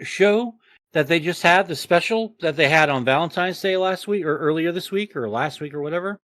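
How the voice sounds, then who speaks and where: A man hosting a podcast in casual chat, swearing constantly and rambling in an animated way. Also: on the high side, moderate pace, no room sound. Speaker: podcast host.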